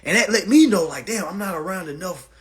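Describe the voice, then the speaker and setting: A man's voice: sits high, animated, fairly quick, breathy edge. A man telling a long profane story to an online audience, emphatic and repetitive, often saying "all right" and "y'all". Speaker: storyteller addressing a live audience.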